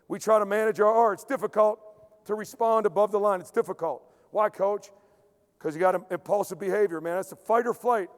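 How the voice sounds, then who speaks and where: A man, a strength coach, giving an emphatic conference lecture, repeating key points and dropping into quiet acted-out asides. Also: sits high, fairly quick. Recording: long hall reverb.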